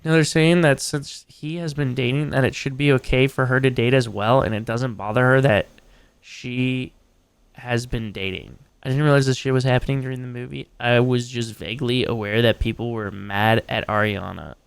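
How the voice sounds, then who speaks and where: A man's voice: mid-range voice, fairly even intonation, moderate pace, creaky, clean tone, no echo. A man streaming a casual reaction, crude and joking, talking to his chat.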